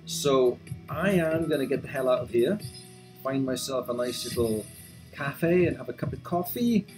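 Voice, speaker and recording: A man's voice: mid-range voice, expressive, normal speed, music in the background. A man casually commenting on a video game he is playing, chatty, reading game text aloud and adding wry asides. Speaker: let's play host.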